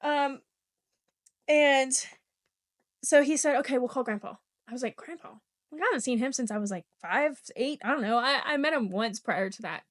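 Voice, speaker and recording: A young woman hosting a podcast, telling a personal story in casual chat, animated and swearing freely, often laughing mid-sentence. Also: high-pitched, moderate pace. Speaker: podcast host.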